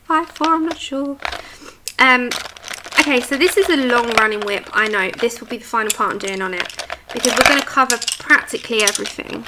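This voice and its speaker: At her home desk, a woman hosts a colouring livestream, chatting casually, reading viewer comments aloud and talking to her dog. Her voice is on the high side and a little fast, with heavy background noise behind it.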